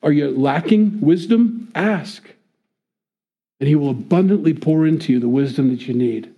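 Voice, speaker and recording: A man's voice: on the high side, normal speed, slightly rough, dull audio. A man preaching a conversational sermon, asking his listeners rhetorical questions. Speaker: pastor.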